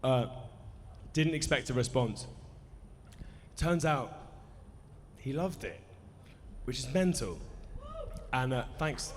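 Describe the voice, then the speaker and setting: Introducing a film screening, a nervous musician in his thirties with a dry mouth rambles through a sweary, self-mocking story for a live audience. His mid-range voice is lively but slow, with frequent pauses, ringing through a cinema hall with a long reverb tail. A faint room murmur and slight background noise sit underneath.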